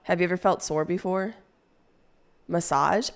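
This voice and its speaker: A young woman chats on a live stream with a slightly low voice. Her talk rambles and turns crude and playful as she answers viewers in chat. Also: a little slow, gravelly.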